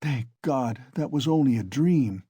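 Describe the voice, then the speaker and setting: A man voicing a shaken young former student, talking hushed and breathless. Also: medium pitch, expressive, a little slow, breathy edge, dry recording.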